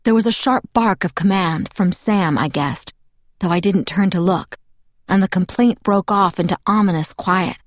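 A woman reading a novel aloud in first person as an audiobook narrator, in a measured, even storytelling manner. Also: medium pitch, no echo, muffled recording.

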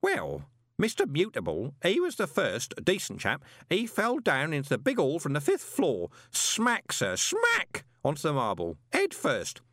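A man's voice: a little high, huge pitch swings, measured pace, a bit bright, dry recording, studio quality, pitched above the performer's own voice, full character voice. A man voicing a fussy old male postal worker who babbles and quavers. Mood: babbling. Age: older.

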